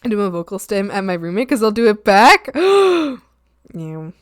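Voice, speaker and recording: A young woman streaming from home, chatting casually with lots of ums, giggles and sudden excited squeals. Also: a little fast, clear, resonant tone, no room sound, clean studio sound. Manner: bursts into high squeals and shouts when excited. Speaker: art streamer. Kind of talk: casual chat while reading chat. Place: home room. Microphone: desk mic at a streaming setup.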